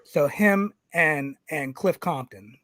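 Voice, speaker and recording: A man who is a pro wrestler telling a story on a podcast, animated and profane, acting out what people said. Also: fairly high pitch, takes it slowly, no room sound. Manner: animated, profane, acts out quotes. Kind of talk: casual storytelling.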